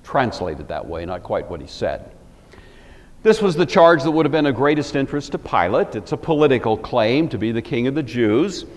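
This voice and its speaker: A man's voice: medium pitch, sing-song, moderate pace. Guy giving a bible lesson, chatty with lots of asides, voice goes up and down a lot, big echoey hall. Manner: conversational, thinking aloud with asides. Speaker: Bible teacher. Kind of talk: lecture on a Bible passage.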